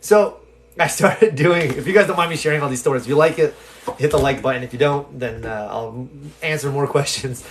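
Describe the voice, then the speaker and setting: This live stream host, fielding viewer questions, recounts a story in a relaxed, talkative way, voicing each character he quotes. Fillers and restarts pepper his speech. He has a medium pitch, talks a little fast, and there's slight background noise.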